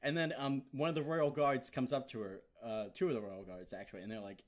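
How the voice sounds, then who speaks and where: A man excitedly recapping a TV episode in a casual, rambling way, swearing often and leaning on filler words. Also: mid-range voice, fairly quick, hardly any pauses. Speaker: vlogger reviewing an episode.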